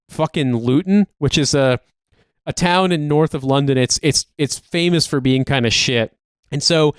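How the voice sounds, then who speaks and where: An American man co-hosting a podcast chats casually, rambling and swearing with plenty of "like." His mid-range voice is clear and resonant, recorded cleanly in a studio with no echo.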